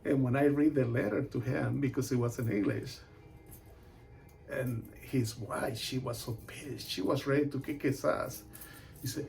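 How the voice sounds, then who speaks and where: Gravelly man telling an animated story. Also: medium pitch, unhurried, soft background music. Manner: animated, acting out the voices of the people in the story. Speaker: real estate agent. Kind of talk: personal storytelling.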